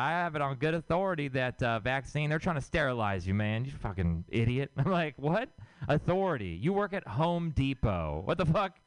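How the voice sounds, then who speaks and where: A man's voice: mid-range voice, clear, resonant tone, no echo. Crude rambling stand-up comic, man. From Houston, Texas. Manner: crude, rambling, self-mocking. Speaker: stand-up comedian. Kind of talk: stand-up set at open mic.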